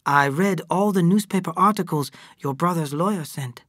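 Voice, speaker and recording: A reader voicing a patient, loyal household companion who answers quietly and with measure in an audiobook reading. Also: mid-range voice, normal speed, no echo, studio quality, pitched above the performer's own voice, close to an everyday voice. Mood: calm.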